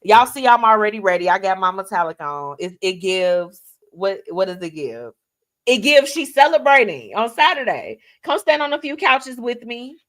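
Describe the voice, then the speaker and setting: A woman's voice: mid-range voice, sing-song, moderate pace, fairly bright tone. A woman hosting her weekly live talk show, chatty and effusive as she gives heartfelt thanks to her guests and viewers. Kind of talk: casual livestream talk show sign-off.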